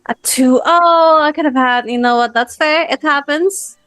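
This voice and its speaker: Bright-pitched woman player, dry sound. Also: a little slow, no room sound. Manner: earnest, playful, defensive when teased. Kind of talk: tabletop game role-play.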